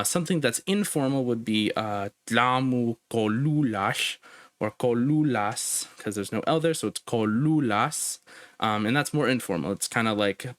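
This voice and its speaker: A young man gives a relaxed language lesson, hesitating often and drawing out each foreign phrase syllable by syllable. His voice is smooth and clear. The recording is close and dry, with no room sound. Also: lowish voice, no room sound. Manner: halting, with many ums and uhs; slows down to spell out phrases. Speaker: language teacher.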